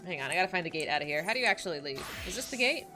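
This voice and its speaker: Bubbly woman gamer streaming and chatting with her viewers, super lively up and down voice. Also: lowish voice, racing, music in the background. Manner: playful, self-mocking, laughs often; talks to chat while reading game text. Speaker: livestreamer. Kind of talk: casual gameplay chatter.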